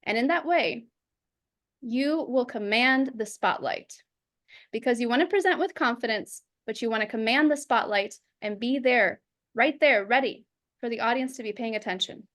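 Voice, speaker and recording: A woman teaching public speaking over a video call, lively and acting out examples in quoted voices. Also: a little high, normal speed. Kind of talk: instructional talk.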